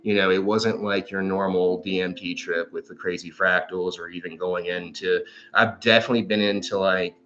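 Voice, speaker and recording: A man's voice: low voice, bright, forceful tone, slight background noise. A man telling a long rambling story on a livestream, swearing often and full of fillers. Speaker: psychic livestream host. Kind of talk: casual storytelling monologue. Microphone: livestream microphone.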